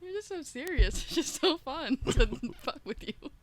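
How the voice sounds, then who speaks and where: Young woman on a podcast, teasing and giggly, higher voice that bounces around a lot. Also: lively intonation, normal speed. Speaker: podcast guest. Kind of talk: casual podcast chat.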